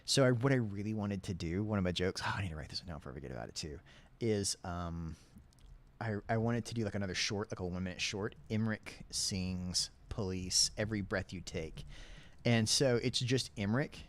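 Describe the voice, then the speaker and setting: A man with a lisp answering viewer questions in a casual livestream chat, rambling and self-deprecating. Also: brisk. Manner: animated, swings between low and high tones.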